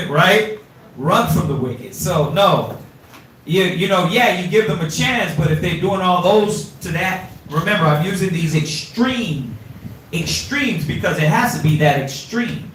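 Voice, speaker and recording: A man teaching an informal scripture class, animated and streetwise, quizzing his students, recorded from afar in an echoey room. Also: high voice, a little slow, distant mic, slight background noise.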